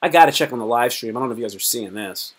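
A man's voice: medium pitch, expressive, racing. A man from Virginia chatting casually on a live stream, joking and rambling in a loose, slangy way. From Virginia, United States.

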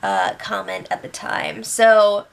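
A woman's voice: mid-range voice, very animated, slow pace, gravelly, clear, resonant tone. A young woman hosting a casual recap, chatty and gossipy with lots of fillers. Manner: chatty, gossipy, many fillers and acted quotes. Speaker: show recap host.

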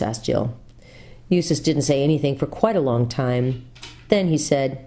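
A woman pastor reading a children's book aloud, telling it with expressive, lively storytelling. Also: extremely low pitch, measured pace.

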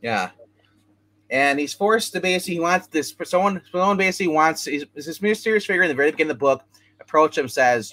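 A man's voice: a little high, animated, quick pace, pushed and bright. A man hosting a casual chat show, rambling through a comic book review with many restarts and asides.

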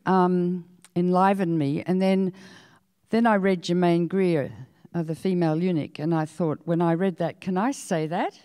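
A woman's voice: fairly low pitch, warm tone, clean tone, no room sound, studio quality, long reverb tail. An older woman with an Australian accent giving a public lecture, telling stories in a frank, outspoken manner. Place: lecture hall.

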